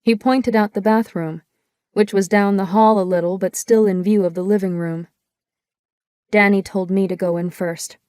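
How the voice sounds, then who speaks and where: A woman narrates a first-person audiobook in a measured, descriptive way. Her voice is mid-pitched for a woman and sounds close and dry on a studio mic, with no room echo. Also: fairly even intonation, darkish tone, clear, resonant tone.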